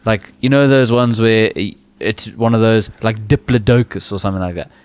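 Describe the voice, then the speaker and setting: A man with a fairly low voice jokes around on a podcast microphone. He rambles, circles back and restarts his sentences as he hunts for the point. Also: steady tone, normal speed, smooth, no room sound. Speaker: podcast co-host. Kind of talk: casual banter.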